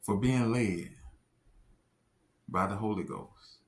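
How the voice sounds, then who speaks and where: A man giving an earnest religious testimony, speaking deliberately and stressing key phrases. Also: lowish voice, gravelly.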